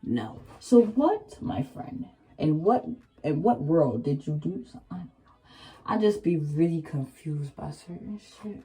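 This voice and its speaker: A young woman vlogger chatting candidly in a casual storytime, heavy with slang and fillers, sometimes rising to excited exclamations. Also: deep voice, a little slow.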